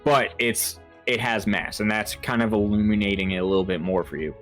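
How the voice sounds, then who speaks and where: A man running a tabletop horror game as game master, talking in a halting way with lots of fillers and restarts. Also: lowish voice, fairly even intonation, fairly bright tone, faint music behind.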